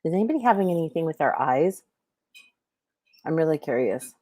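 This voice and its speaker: Chatty woman on a livestream, low voice. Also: lively intonation, a little fast, mellow, no room sound. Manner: chatty, meandering, full of fillers and restarts. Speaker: livestream host giving intuitive readings. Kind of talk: casual livestream chat.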